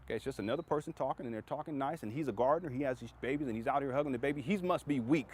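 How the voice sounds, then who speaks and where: A man's voice: mid-range voice, rapid-fire, a little hiss or hum. A man telling a story in a conversational, rambling vlog from outdoors, often repeating himself.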